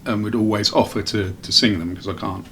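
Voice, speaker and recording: A man's voice: lowish voice, fairly even intonation, a little fast, fairly bright tone, slight background noise. A man with an English accent, co-hosting a radio show and reminiscing thoughtfully and self-deprecatingly. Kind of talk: casual reminiscing chat.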